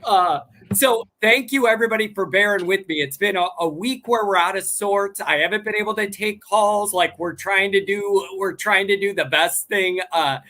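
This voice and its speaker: A man hosting a live sports reaction show from outdoors at night with no proper mic, loud and excitable. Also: high-pitched, normal speed, hardly any pauses. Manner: excitable, yelling, chanting. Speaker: show host. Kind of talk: loud casual sports chat. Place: outdoors by a golf course at night. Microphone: no proper microphone.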